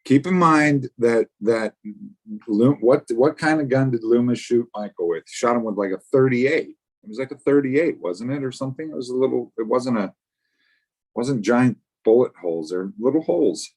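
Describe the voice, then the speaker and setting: A man's voice: medium pitch, normal speed. A middle-aged man co-hosting a casual live chat show, rambling and often stumbling over repeated words as he starts sentences. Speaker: podcast co-host.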